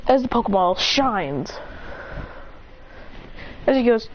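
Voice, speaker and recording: Eager high-voiced woman rambling through a story. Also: expressive, a little fast. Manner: eager, rambling narration strung together with "as he goes". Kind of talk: casual spoken retelling of a battle story. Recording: dull, lo-fi home recording with faint noise.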